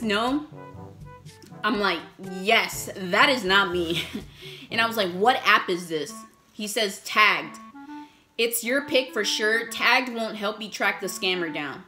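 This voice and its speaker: A young woman vlogger telling a storytime while eating, animated, swearing often and acting out the messages she got. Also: mid-range voice, measured pace, faint music behind.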